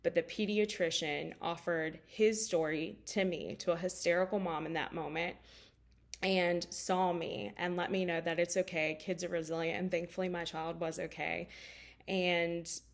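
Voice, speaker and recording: Woman, 30s, life coach; open, emotional storyteller, slightly low voice, lots of ums. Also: steady tone, normal speed, creaky. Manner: candid and emotional, with many fillers. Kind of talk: personal storytelling talk.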